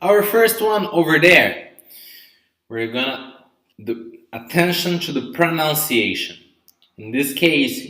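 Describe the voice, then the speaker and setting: A man's voice: medium pitch, animated, slow, sharp tone. A man teaching English vocabulary in a live online lesson, drilling pronunciation and checking in with "okay?" and "right?". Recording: roomy echo.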